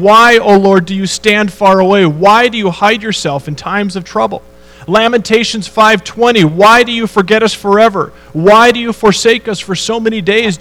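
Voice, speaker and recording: High-voiced man preaching a sermon. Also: fairly bright tone, low-quality recording. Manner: conversational preaching with rhetorical questions. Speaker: pastor.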